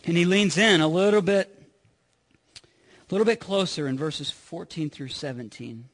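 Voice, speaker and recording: A male preacher with a high voice delivers a sermon earnestly. He often stumbles and repeats himself, and his volume rises and falls between loud and hushed passages. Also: moderate pace.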